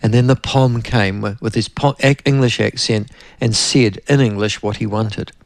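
A man's voice: lowish voice, fairly even intonation, moderate pace, creaky, dry recording. A man with a New Zealand accent hosting a radio talk show, chatting in a rambling, anecdotal way and often turning to his co-host.

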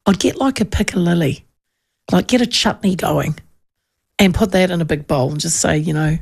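A woman hosting a radio show, talking. She chats casually and rambles from one story to the next, often restarting her sentences. Her voice has a gravelly, creaky edge. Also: on the low side, lively intonation, moderate pace, darkish tone. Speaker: radio host. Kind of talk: casual chat.

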